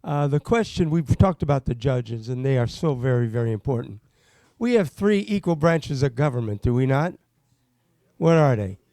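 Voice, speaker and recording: A man, a state legislator from Pennsylvania, gives an impassioned political speech that builds to loud, emphatic calls. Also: mid-range voice, lively intonation, normal speed, no echo.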